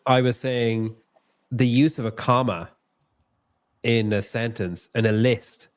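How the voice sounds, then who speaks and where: An Irish man hosting a podcast in casual chat, talking quickly in asides and laughing often. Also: mid-range voice, steady tone. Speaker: podcast host.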